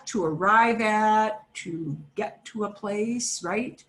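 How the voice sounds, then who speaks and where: Woman Spanish teacher on a video call, mid pitch, chatty, repeats herself, fillers and self-corrections, mixes English and Spanish. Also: slow pace. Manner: switches between English and Spanish. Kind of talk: online class instruction.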